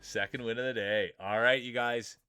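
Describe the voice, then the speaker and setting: A man's voice: medium pitch, steady tone, normal speed, bright, forceful tone, clear, resonant tone, no echo, soft background music. A man hosting a live stream, giving hyped, announcer-style play-by-play of marble races and greeting chat by name. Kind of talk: mock sports play-by-play commentary.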